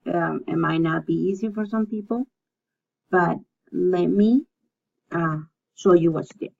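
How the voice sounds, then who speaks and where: A woman leads a recorded language lesson, taking her time and repeating each word so learners can follow along. Her voice has a gravelly, fry-tinged texture and an unhurried pace. The recording sounds dull and lo-fi. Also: on the low side, a little mellow. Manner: slow, patient, repeats words for practice. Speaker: Spanish teacher.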